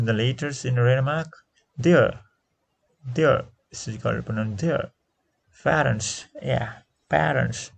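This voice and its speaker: Male teacher with a Nepali accent, gravelly and husky, who repeats answers patiently for students. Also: mid-range voice. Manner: explains slowly with repetitions, switches into Nepali. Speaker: English teacher. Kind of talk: recorded exam-prep lesson.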